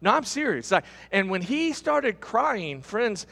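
A middle-aged man preaching a sermon as pastor, telling a story with lively repetition. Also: high-pitched, measured pace, vocal fry. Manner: animated storytelling, repeating words as he goes. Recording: long reverb of a large hall.

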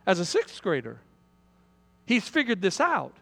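A middle-aged male pastor delivers a sermon in a high, bright voice with a sharp edge. He tells stories to the congregation, speaks to them directly, and often builds into loud, high-pitched preaching. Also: huge pitch swings, measured pace, creaky, long reverb tail. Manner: storytelling with direct appeals to listeners.

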